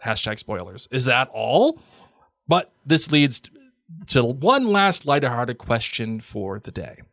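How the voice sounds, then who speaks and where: A man's voice: mid-range voice, sing-song, slow, fairly bright tone, no room sound. Easygoing man hosting a podcast. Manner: easygoing, amused. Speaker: podcast co-host. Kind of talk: casual chat and reading listener emails.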